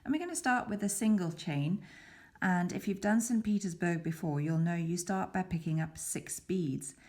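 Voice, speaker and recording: Patient low-voiced woman teaching beadwork. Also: moderate pace, a little mellow. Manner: patient, methodical, slipping into a whisper while concentrating. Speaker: beading tutor. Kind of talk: step-by-step craft demonstration.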